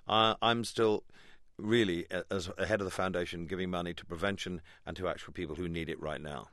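A man's voice: deep voice, fairly even intonation, a little fast, fairly bright tone, no room sound, studio quality. A man speaking as a guest on a radio interview, hesitant, with many ums and restarts.

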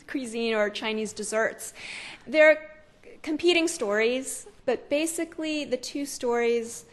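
A woman explains museum exhibits in an interview, pausing on fillers as she gathers her thoughts. Her voice sits a little high.

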